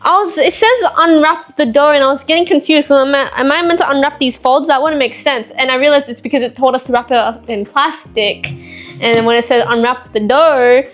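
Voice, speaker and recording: A high-voiced woman chats through a home cooking vlog. She mutters the steps to herself and pokes fun at her own mistakes. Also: fairly quick, faint music behind. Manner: chatty, self-mocking, talks to herself while cooking. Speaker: vlogger. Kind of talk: casual cooking vlog chat.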